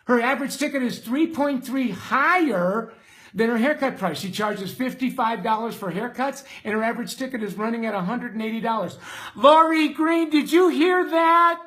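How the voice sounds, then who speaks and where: A middle-aged man coaching salon owners in a live stream, reading out viewer comments in a casual, slangy and excitable way with loud bursts. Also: sits high.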